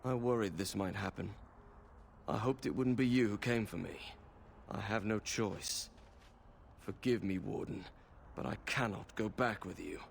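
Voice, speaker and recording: Resigned, cornered fugitive. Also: male voice, on the low side, measured pace, gravelly, a little hiss or hum. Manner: apologetic, resigned. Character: cornered, regretful runaway man. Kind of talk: video game voice acting.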